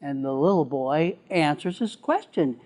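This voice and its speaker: A man's voice: a little high, lively intonation, a little slow, darkish tone. Chuckling man giving a lecture. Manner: chatty, laughs often, acts out examples. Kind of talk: live lecture to a class.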